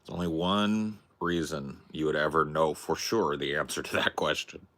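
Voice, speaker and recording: A man's voice: fairly even intonation, moderate pace, a bit bright. A man streaming from home, answering viewer questions in a casual, offhand way. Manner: talks baby-talk to his dog in a high voice. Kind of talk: casual live-stream chat. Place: home, near a porch.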